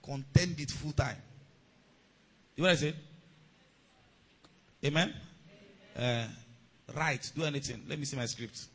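A man preaching a sermon as a pastor, calling on the congregation to respond and rising to shouts. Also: on the high side, a little slow, pauses often, husky, low-quality recording.

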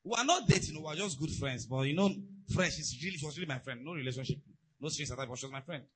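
A man preaching a sermon, telling stories and asides in an animated way. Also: a little high, very fast, a little hiss or hum, poor audio. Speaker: pastor.

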